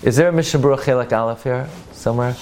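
A man's voice: medium pitch, racing, darkish tone. A man teaching a classroom lesson on Jewish law. He talks emphatically, repeats Hebrew words to correct their pronunciation and asks rhetorical questions. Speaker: Torah teacher.

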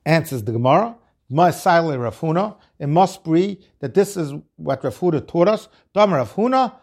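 A man's voice: on the high side, lively intonation, normal speed. A man giving a Talmud lecture, reading the Aramaic phrases and explaining each one in English. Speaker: Talmud teacher. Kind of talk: Talmud lecture, translating line by line.

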